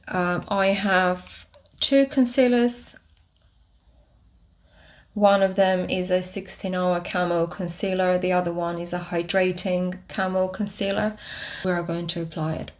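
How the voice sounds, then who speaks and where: A woman giving a casual makeup tutorial to camera, talking through each step with frequent pauses, fillers and restarts. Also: fairly low pitch. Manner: unhurried, many fillers and restarts while demonstrating. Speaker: beauty vlogger.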